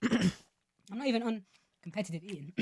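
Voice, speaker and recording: A man's voice: high-pitched, moderate pace, darkish tone, husky, dry recording. A man co-hosting a podcast, bantering casually and talking with his mouth full. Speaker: podcast co-host. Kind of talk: casual banter during an eating challenge.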